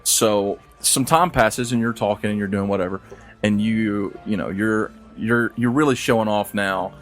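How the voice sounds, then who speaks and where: Man running a tabletop game, low voice, easygoing, rambling. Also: moderate pace. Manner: easygoing, rambling, fond of filler phrases. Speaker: game master.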